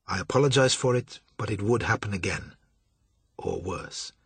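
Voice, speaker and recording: A man voicing a cold, menacing pale stranger who speaks low, slow and formal, with a husky voice. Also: no room sound, full character voice. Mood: stern.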